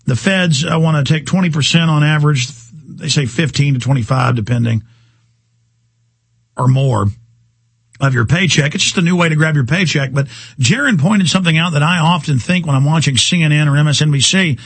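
A man's voice: fairly high pitch, fairly quick, gravelly, a bit bright, breathy edge, no room sound. A man hosting a talk radio show, speaking in a rambling, heated monologue. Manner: rambling, heated, mimics voices in quotes.

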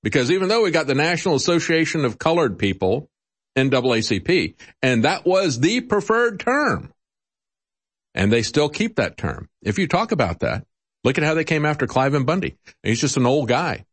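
A man's voice: fairly high pitch, big pitch swings, moderate pace, husky. A man hosting political commentary, talking in a sarcastic, mocking way with chuckles and many "uh" fillers. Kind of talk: opinionated radio-style commentary.

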